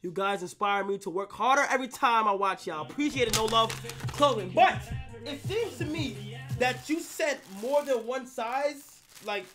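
A young man on a livestream talking to his chat, loud, excitable and full of slang. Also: very high-pitched, normal speed, music in the background.

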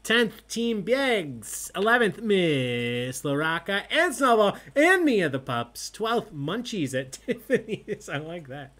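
A man hosting an online trivia night, announcing questions and scores in a loud, playful way. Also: high voice, very animated, unhurried, few pauses. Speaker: trivia host.

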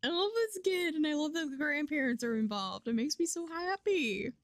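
A young woman streaming a life-sim game, chatting casually and getting excited and squealy at times. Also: high-pitched, normal speed, no room sound, studio quality. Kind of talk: casual gameplay commentary.

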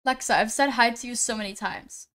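A woman live-streaming a game, reading names from the chat and greeting viewers one by one, often pausing on how to say them. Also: fairly high pitch, steady tone, fairly bright tone. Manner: slow, unhurried delivery with frequent "um"s.

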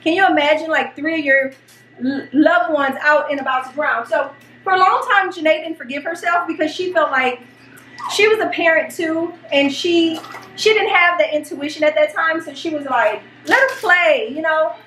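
A middle-aged woman and mother, hosting a home vlog, telling a story in an animated, excitable way. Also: sits high, moderate pace, roomy sound, recorded from a distance, slight background noise. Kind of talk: casual storytelling. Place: home kitchen.

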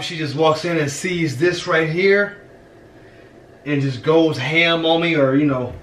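A prank vlogger, who is a husband, talks casually to the camera in his home kitchen, slangy and chatty, addressing viewers as fam. His fairly high voice is a bit bright, and the camera sits on top of the refrigerator, picking up a little hiss or hum.

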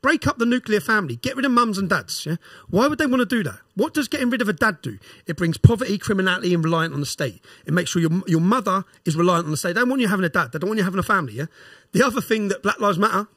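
A man's voice: high voice, lively intonation, very fast, bright, forceful tone, slightly rough, no echo, clean studio sound. A middle-aged man with an English accent, a podcast guest telling a story in an emphatic way that keeps checking in with "yeah?". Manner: emphatic, fires "yeah?" tags at the listener. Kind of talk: storytelling and ranting.

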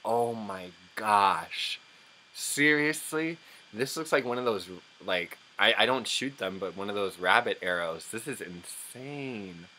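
A young adult man hosting an unboxing vlog, gushing and excitable, often gasping and squealing as he chats straight to his viewers. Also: on the low side, a little slow, slight background noise. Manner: chatty and direct to viewers. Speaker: channel host.

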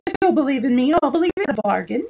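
A careless, boastful male unicorn, as a woman reader puts him on. He talks loud and eager with a sly swagger. He is a fabulous beast from a read-aloud storybook. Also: sits high, big pitch swings, quick pace, creaky, muffled recording, a little hiss or hum, pitched above the performer's own voice, exaggerated voice.

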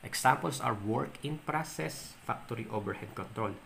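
A Filipino-accented young man walks through an accounting lesson, reading each definition before unpacking it with everyday examples. His voice sits at a middle pitch, and he breaks up his explanations with the odd "um." A faint room ambience runs underneath. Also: creaky, fairly bright tone, a little hiss or hum. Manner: explains in mixed Tagalog and English, reading definitions then giving examples; stretches out key terms, pausing with "um". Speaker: accounting tutor. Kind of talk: recorded video lesson.

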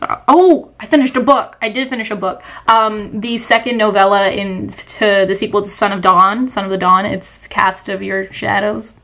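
A young woman chatting casually in a book vlog, excitable and full of fillers. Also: medium pitch. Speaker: book vlogger.

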